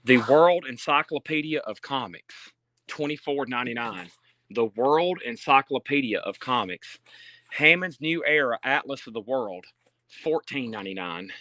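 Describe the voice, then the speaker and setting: A man's voice: mid-range voice, expressive, normal speed, sharp tone. Chatty man reading out prices. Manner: reads out titles and prices, chatty asides. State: out of breath. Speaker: store seller on a live sale stream. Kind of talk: casual live sales patter. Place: indoor store. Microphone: handheld phone.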